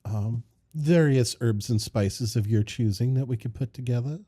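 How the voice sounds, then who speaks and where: A man narrating a tabletop game as game master, playful and unhurried. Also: breathy edge. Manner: slow, playful narration with lively pitch.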